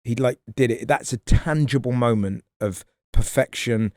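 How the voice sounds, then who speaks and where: Rambling comedian, casual chat. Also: male voice, mid-range voice, moderate pace, no room sound, clean studio sound. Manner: rambling, animated, swears freely. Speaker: comedian guest.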